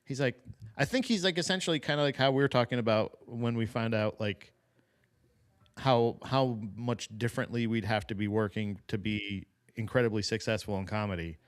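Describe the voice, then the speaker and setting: Male comedy podcast co-host, rambling, swearing, middle-pitched voice. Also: normal speed. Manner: rambling, profane, laughing. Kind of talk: casual comedy chat.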